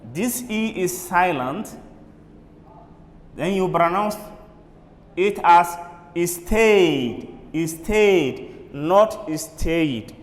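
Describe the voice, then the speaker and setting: A man teaching an English pronunciation lesson, drilling words slowly and repeating each one. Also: fairly high pitch, big-room sound. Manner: slow, drilling words with repetition. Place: classroom or studio for a TV lesson.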